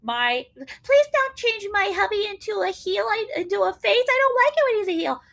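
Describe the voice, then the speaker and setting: A woman doing a high, whiny voice as a wrestler's wife pleading with her husband's boss. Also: big pitch swings, moderate pace, creaky, a bit bright, full character voice.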